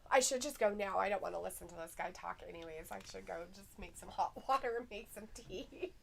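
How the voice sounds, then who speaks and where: A woman's voice: mid-range voice, fairly quick, creaky, a little hiss or hum, poor audio. A woman co-hosting a live stream in casual chat, giggling often and reading viewers' messages aloud. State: slight headache.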